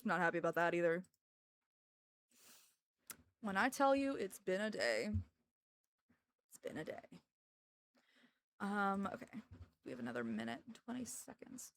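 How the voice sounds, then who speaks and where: A woman's voice: fairly high pitch, gravelly, fairly bright tone, dry recording. A young woman streaming and chatting casually, ranting sarcastically and laughing often. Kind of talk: casual livestream chat.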